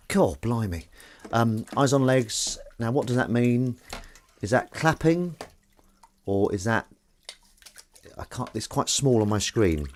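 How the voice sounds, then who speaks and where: A man's voice: medium pitch, a little mellow, slight background noise. A man chatting casually to live-stream viewers while washing up in his kitchen, rambling with jokey asides. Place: home kitchen at the sink.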